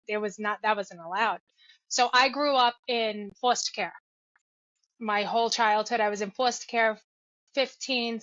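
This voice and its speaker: Earnest woman, podcast guest, somewhat high and bright, dry and slightly dull recording. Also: no echo. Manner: earnest, reflective storytelling. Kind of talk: casual interview chat.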